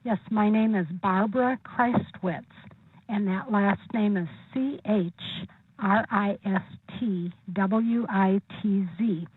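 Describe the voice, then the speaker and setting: Husky woman on a phone line. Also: medium pitch, takes it slowly, no echo. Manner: careful, spells out her name. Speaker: caller giving public comment. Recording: dry tinny phone line.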